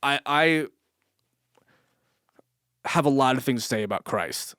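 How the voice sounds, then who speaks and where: A young man's casual vlog monologue is a long, wandering story full of swearing, fillers and frequent laughs. His medium-pitched voice is unhurried, clear and resonant, with lively intonation and a fairly bright tone. There's no echo, and the studio sound is clean.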